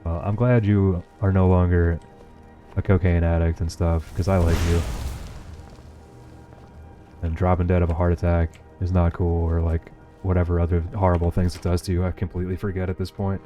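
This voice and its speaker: Male streamer, New Jersey accent, low mellow voice, laid-back and profane, faint music behind. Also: flat delivery, moderate pace. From United States. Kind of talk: casual chat while gaming, reading chat.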